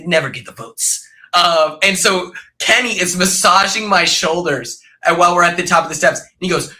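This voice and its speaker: A young man guest on a podcast, telling animated stories about his time on a reality show and laughing often. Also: sits high, moderate pace. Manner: animated storyteller who acts out quotes and laughs often. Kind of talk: casual podcast chat.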